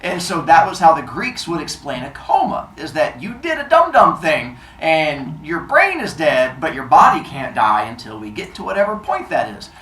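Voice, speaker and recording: A man's voice: a little high, very animated, moderate pace, few pauses, sharp tone, echoey room, recorded from a distance. A male teacher telling myths to his class, playful and acting out scenes with sound effects. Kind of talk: classroom storytelling.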